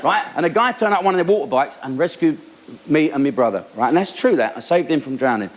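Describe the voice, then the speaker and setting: A man's voice: fairly high pitch, lively intonation, fast talker, rough recording. A man telling chatty, cheeky stories as a stand-up comedian and acting out the voices, recorded live in a theatre. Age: 40s. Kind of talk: stand-up storytelling.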